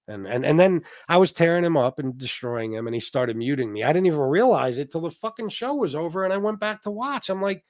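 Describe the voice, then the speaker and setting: A man's voice: a little high, lively intonation, fast, hardly any pauses, darkish tone, no room sound, clean studio sound. Brash, profane livestream host man. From Sicilian heritage. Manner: brash, profane storytelling, reads chat aloud. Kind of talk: casual livestream chat.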